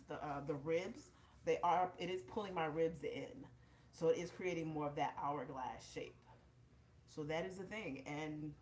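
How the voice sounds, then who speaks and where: A woman's voice: sits low, roomy sound, a little hiss or hum. Chatty slightly breathless woman vlogger. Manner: chatty, direct, addresses viewers. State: a little out of breath. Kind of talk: casual vlog, demonstrating on camera. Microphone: camera propped up in front of her.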